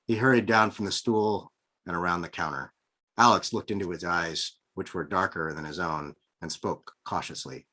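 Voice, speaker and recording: A man, the author, reading his own novel aloud over a video call in measured, expressive narration. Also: on the low side. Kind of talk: live book reading.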